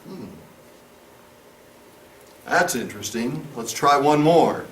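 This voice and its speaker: Animated man teaching a Bible class. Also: a little high, slow. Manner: animated, humorous storyteller. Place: church classroom. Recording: echoey room, distant mic, background noise.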